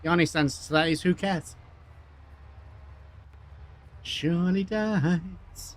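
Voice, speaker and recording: A man's voice: on the high side, fast talker. A man chatting casually to viewers while streaming sim racing. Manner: relaxed, chatty, matey. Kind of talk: casual livestream chat.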